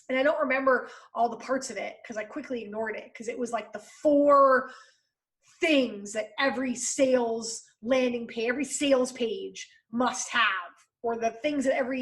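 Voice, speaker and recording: A woman's voice: on the high side, normal speed, fairly bright tone. A woman hosting her own podcast, giving casual and encouraging sales advice in a conversational way. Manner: conversational and encouraging, lots of fillers. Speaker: podcast host and sales coach.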